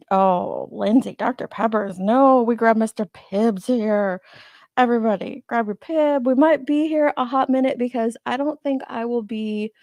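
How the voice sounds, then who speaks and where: A woman's voice: fairly high pitch, dark tone, no room sound, studio quality. A woman hosting a livestream, chatting casually with her viewers, greeting them by name, and sounding a little sleepy. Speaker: livestream host. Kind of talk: casual chat with live chat viewers.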